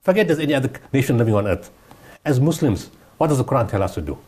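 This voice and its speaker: A man's voice: mid-range voice, animated, quick pace, darkish tone, breathy edge. A man giving impassioned interview answers, emphatic and repeating his points. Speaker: guest humanitarian speaker.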